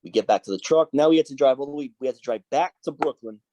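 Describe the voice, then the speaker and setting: A man who is a biker club's sergeant at arms tells stories as a podcast guest. He swears often and acts out the dialogue of the people in his stories. His voice is mid-pitched and sounds dry and close, with no room echo. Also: fast, mellow. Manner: profane, vivid storyteller who acts out quoted dialogue. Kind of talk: storytelling in a casual interview.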